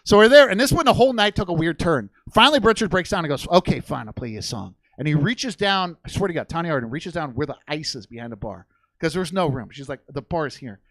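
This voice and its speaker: A man's voice: a little high, expressive, fast, a bit bright, no room sound. A young man doing stand-up on a comedy theater stage, telling a rambling, profane story with lots of energy.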